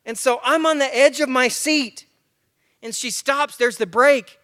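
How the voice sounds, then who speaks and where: A man from Tennessee and Georgia, speaking at a church men's breakfast and telling a story to a live audience. He acts the story out, moving between loud bursts and hushed asides. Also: extremely high pitch, unhurried.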